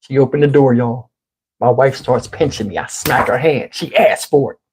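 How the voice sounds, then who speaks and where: A man telling a story in a casual, animated way, swearing freely and acting out what people said. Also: mid-range voice, moderate pace, background noise. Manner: animated, profane, acts out quotes. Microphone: wireless lapel mic.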